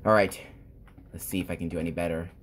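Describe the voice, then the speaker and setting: A woman hosting gameplay commentary, excitable, with sudden squeals and exclamations. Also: rumbling low, fast talker, a little hiss or hum. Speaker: gamer, channel host.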